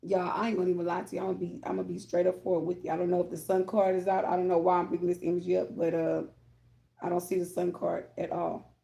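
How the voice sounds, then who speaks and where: Gravelly-voiced woman talking tarot to viewers. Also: lowish voice, monotone, fast talker, dark tone. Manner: candid, rambling, addresses viewers with "y'all" and "okay?". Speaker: tarot reader. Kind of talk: casual spiritual talk to viewers.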